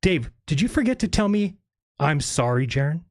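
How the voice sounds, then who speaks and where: A man's voice: a little high, sing-song, normal speed, no room sound, clean studio sound. A man in a played clip, complaining in an aggrieved rant.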